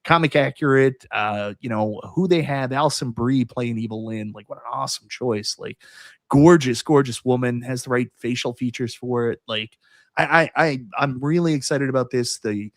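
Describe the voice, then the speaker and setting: An excitable middle-aged man chatting casually as a podcast host. His voice sits at an ordinary pitch and he talks with animated fan energy. The sound is close and dry. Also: normal speed, dry recording. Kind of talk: casual chat.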